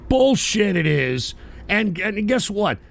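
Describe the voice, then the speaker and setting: A man hosting a live political stream, ranting with profane, scornful outbursts that rise into shouts. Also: high voice, sing-song, slow, creaky. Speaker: host.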